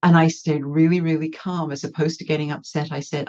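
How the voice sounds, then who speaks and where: A woman's voice: deep voice, level tone, a little fast, mellow, dull audio. A woman guest in an interview, telling her own story candidly with self-mocking humour. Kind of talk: storytelling in conversation.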